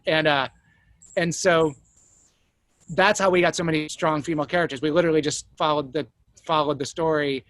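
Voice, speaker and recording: A man's voice: on the high side, a bit bright, no echo. A man, a TV writer and showrunner, talking casually and thoughtfully in an interview, wandering through his answers. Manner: thoughtful, meandering, full of hedges.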